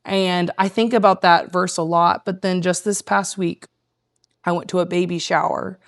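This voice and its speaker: A woman's voice: lowish voice, steady tone, moderate pace. A woman guest telling a heartfelt personal story in casual conversation, earnest and rambling with lots of fillers. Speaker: guest, tea room owner.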